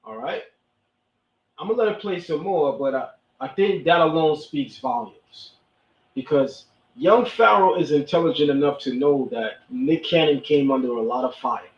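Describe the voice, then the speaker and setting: A man hosting a commentary show who speaks emphatically and preachily, repeating lines for stress. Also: mid-range voice. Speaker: host. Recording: echoey, distant, dull sound.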